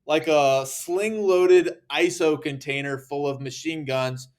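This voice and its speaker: An American man in his thirties telling stories casually on a podcast, animated and acting out quoted lines. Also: slow pace. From United States. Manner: animated, acts out quotes with rising pitch. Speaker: podcast guest. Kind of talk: casual storytelling.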